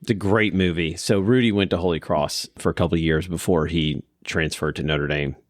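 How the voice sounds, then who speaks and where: A man's voice: low voice, steady tone, fairly quick, dry recording, studio quality. A man with a Kentucky accent hosting a podcast interview in an office room, chatting in a rambling, self-deprecating way. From Kentucky, USA. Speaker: podcast host.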